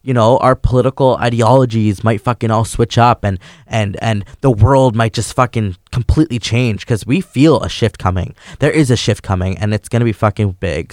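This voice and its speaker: A man's voice: fairly low pitch, moderate pace, few pauses, a little mellow, dry recording. A man hosting a casual podcast from a small studio, swearing constantly as he talks. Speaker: podcast host.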